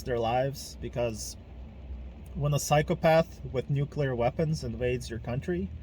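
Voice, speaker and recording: A man's voice: medium pitch, warm tone, a little hiss or hum. A man from Ukraine, hosting a casual podcast monologue in a blunt, emphatic way, swearing freely. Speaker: podcast host.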